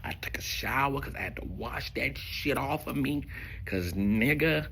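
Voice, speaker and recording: Male stand-up comic, gravelly and bright-toned, profane storytelling with big swings between loud and hushed. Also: medium pitch, a little slow, slight background noise. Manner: profane, animated storytelling with sudden volume drops. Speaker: stand-up comedian.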